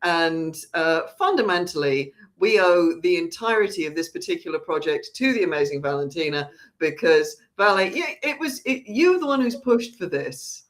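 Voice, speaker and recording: A woman's voice: fairly low pitch, lively intonation, moderate pace, hardly any pauses. Woman, theatre company director, casual announcement, rambling, restarts often. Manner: chatty, rambling, with frequent restarts.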